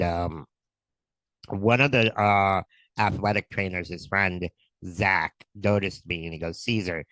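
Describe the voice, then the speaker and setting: A man, a podcast guest, telling an excited story full of quoted dialogue in casual talk. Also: sits low, no room sound, poor audio.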